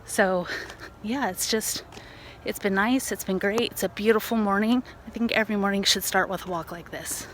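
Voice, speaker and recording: A woman's voice: mid-range voice, normal speed, a bit bright, a little hiss or hum. Chatty woman vlogging. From United States. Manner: chatty and friendly, showing things as she talks. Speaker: family vlogger. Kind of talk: casual vlog chat to camera.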